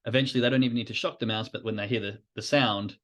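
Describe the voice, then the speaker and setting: A man's voice: fairly low pitch, steady tone, rapid-fire, a bit bright. A man hosting a podcast, explaining ideas in an informal, conversational way with frequent fillers. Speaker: podcast host. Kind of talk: educational podcast talk.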